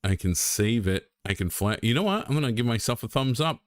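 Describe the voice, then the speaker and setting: A man's voice: medium pitch, lively intonation, brisk, dry recording, studio quality. A young man chatting casually on a game stream, rambling and self-deprecating with lots of ums and restarts.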